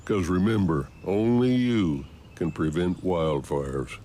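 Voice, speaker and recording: A man voicing a calm bear mascot in a radio ad, speaking slowly and solemnly. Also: deep voice, slight background noise. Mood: steady advice. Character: Smokey Bear, calm deep male bear mascot. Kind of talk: scripted radio ad.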